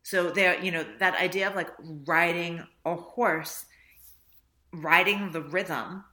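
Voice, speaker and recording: A woman's voice: on the low side, steady tone, takes it slowly, bright, forceful tone. A woman author talking reflectively in a casual interview, laughing often and acting out little dialogues. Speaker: author guest.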